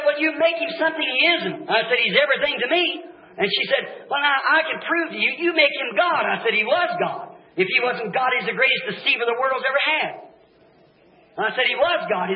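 A man preaching a revival sermon, shouting fervent declarations and then dropping to hushed, low passages. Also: expressive, brisk. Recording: dull echoey old tape recording.

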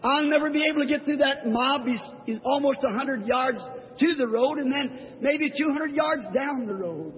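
A preacher acting as an old blind beggar, pleading. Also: male voice, very high-pitched, moderate pace, slight background noise. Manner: pleading, old-fashioned courteous speech. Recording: echoey hall, dull lo-fi sound.

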